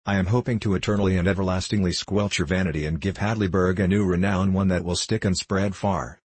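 A man's voice: low voice, steady tone, a little mellow, husky. A man reading as a scornful vengeful stranger. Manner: measured, contemptuous declamation. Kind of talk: audiobook reading.

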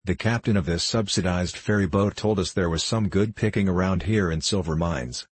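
A man voicing a burly, arrogant middle-aged businessman who talks in a hearty, gruff way. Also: low voice, moderate pace, dry recording. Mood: bluff hearty.

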